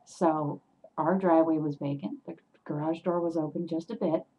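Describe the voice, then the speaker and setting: Husky woman, animated webcam storytelling, gets loud and worked up. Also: low-pitched, normal speed, muffled recording. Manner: animated, swings into loud agitated retelling. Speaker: vlogger.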